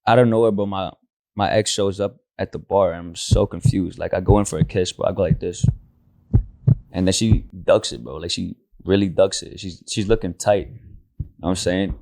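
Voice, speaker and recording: A man with a very low voice tells a personal story in loose, slangy podcast chat and tacks "bro" onto nearly every line. The sound is close and dry, with no room around it. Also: moderate pace, vocal fry, darkish tone, dry recording. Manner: slangy, says "bro" constantly. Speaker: podcast co-host. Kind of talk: casual storytelling. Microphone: handheld mic.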